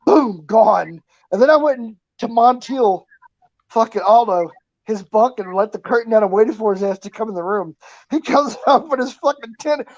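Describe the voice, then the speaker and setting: A woman's voice: on the high side, animated, normal speed, darkish tone, no room sound. A woman and army veteran, telling crude barracks stories in casual chat, full of swearing and laughter. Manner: profane, laughing storyteller. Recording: muffled lo-fi audio.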